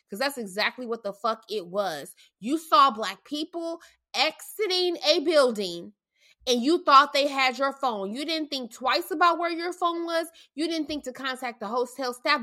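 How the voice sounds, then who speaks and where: A woman rants furiously on a podcast, swearing freely and breaking into loud bursts. Her voice sits high and sounds bright and sharp. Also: expressive, unhurried. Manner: furious ranting, profane, shouting bursts. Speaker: podcast co-host. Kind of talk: heated casual commentary.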